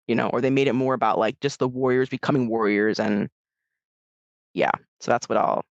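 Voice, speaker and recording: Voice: medium pitch, brisk, gravelly, dry recording, dull audio. A podcast co-host chatting casually about a film, with lots of fillers and restarts. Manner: filler-heavy, animated, frequent "like". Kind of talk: casual conversational film discussion.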